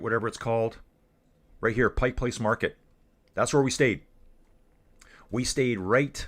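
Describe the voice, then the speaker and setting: Chatty man, low voice. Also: a bit bright. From Canada. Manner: rambling, chatty, keeps calling viewers dude and guys. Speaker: live stream cycling commentator. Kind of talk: casual live stream commentary reading chat.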